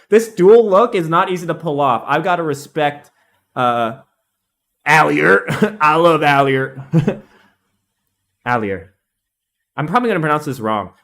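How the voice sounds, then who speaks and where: A young man streaming a casual, excitable game analysis, rambling and laughing at his own slips. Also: on the high side.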